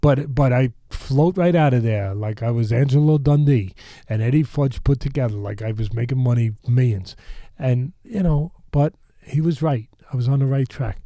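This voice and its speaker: A man in his sixties from New York tells a long story in a warm, low voice, drifting into asides. The recording is dry and close, a podcast studio mic with no room sound. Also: moderate pace, few pauses, no echo. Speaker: boxing trainer, podcast guest. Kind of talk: animated storytelling.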